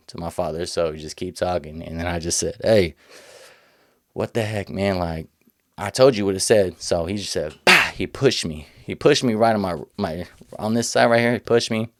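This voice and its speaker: A man's voice: fairly low pitch, dry recording, clean studio sound. A young man casually telling a personal story, rambling with slang and many restarts. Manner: rambling, repeats himself, slangy. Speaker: vlogger telling his own story.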